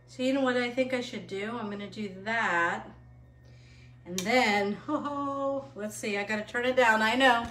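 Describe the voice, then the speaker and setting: A woman's voice: on the high side, measured pace, pauses often, fairly bright tone, reverberant, faint music behind. A middle-aged woman hosting a live home cooking show, bubbly and chatty, laughing at herself as she goes. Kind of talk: live cooking stream, casual chat. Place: home kitchen.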